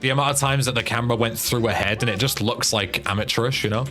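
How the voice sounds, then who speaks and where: A man's voice: mid-range voice, fast talker, pushed and bright, faint music behind. A man streaming a game, chatting casually and critiquing what he sees, swearing freely. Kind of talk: casual commentary on gameplay.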